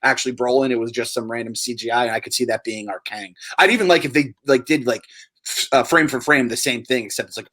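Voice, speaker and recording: A man's voice: medium pitch, fast talker, pushed and bright, breathy edge. A man hosting a podcast, joking crudely and swearing freely. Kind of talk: casual podcast chat.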